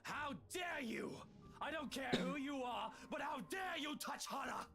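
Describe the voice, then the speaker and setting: A woman voicing a protective young man who shouts angry threats in a game reading, with game music behind. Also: low voice, sing-song, measured pace, full character voice. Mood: furious.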